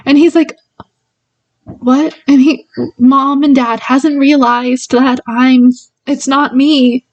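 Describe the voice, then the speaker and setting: A woman's voice: high-pitched, fairly even intonation, unhurried, darkish tone, dry recording, recorded from a distance, low-quality recording. A woman casually reviewing a book, retelling the plot in a rambling way with many fillers and laughs.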